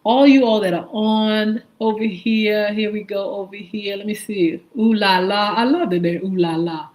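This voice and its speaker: A woman's voice: medium pitch, normal speed, a little mellow, poor audio. A woman hosting a live morning show, greeting viewers by name and spelling out their usernames in a friendly way. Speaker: radio and livestream show host. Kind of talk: live-stream viewer shout-outs.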